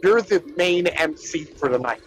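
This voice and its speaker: A man co-hosting a casual chat show, retelling comedy bits in an animated, profane way with lots of "like" and "right?". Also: fairly high pitch, moderate pace, a little hiss or hum, low-quality recording. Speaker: podcast co-host.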